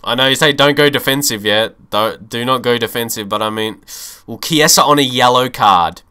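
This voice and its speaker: A young man with a medium-pitched voice streams a football management game, commenting live in animated swings of frustration and swearing often.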